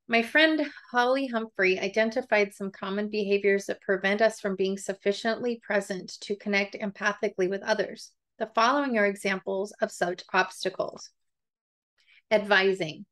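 A woman's voice: mid-range voice, normal speed, a bit bright. A woman reading a book chapter aloud for a book club, breaking off into chatty, digressive asides and frequent laughs.

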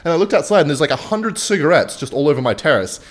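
A man's voice: on the high side, big pitch swings, fast. A young man giving casual, rambling commentary over a mobile strategy game while telling a story about his neighbor. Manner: chatty, rambling, switches between game calls and anecdote. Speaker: gaming video creator.

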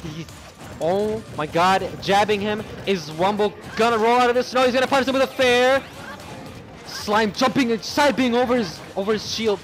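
A young Canadian man doing excited, stammering play-by-play commentary at a loud tournament, shouting over a cheering crowd. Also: high-pitched, moderate pace. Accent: Canadian English. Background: crowd cheering and music.

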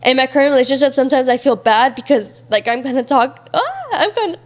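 A woman's voice: high voice, steady tone, fast. A young woman speaking candidly as a guest in a casual interview, talking openly with many fillers. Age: young adult. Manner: casual and open, many fillers, near tears at times.

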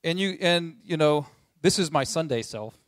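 A man's voice: fairly high pitch, animated, normal speed, no room sound, clean studio sound. A man preaching a conversational sermon, reading scripture aloud and repeating key lines for emphasis.

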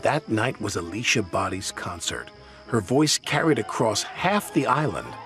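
A man narrating a children's storybook in a lively storytelling manner. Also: fairly low pitch, measured pace, faint music behind. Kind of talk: storybook reading.

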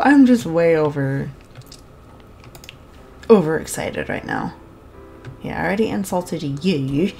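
Brief: female gaming host, unhurried, bubbly and giggly, casual let's-play chat, faint music under the voice. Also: mid-range voice. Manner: bubbly, giggly, easily excited.

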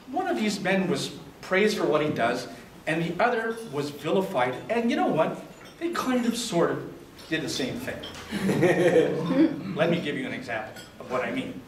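A man's voice: a little high, very animated, moderate pace. A man giving a humorous prepared speech at a club event, telling a story with comic timing. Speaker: toastmasters speaker. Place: restaurant dining room at a club event. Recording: echoey room, distant mic, background noise.

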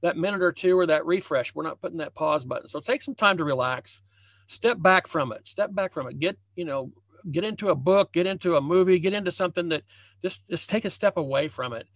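A man with a fairly high voice gives a relaxed motivational coaching talk over a video call. He keeps circling back and repeating his phrases. The sound is dry and close, with no room echo. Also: fast talker. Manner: conversational, repeats phrases and restarts often. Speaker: leadership and success coach. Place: home room with a banner hung as backdrop.

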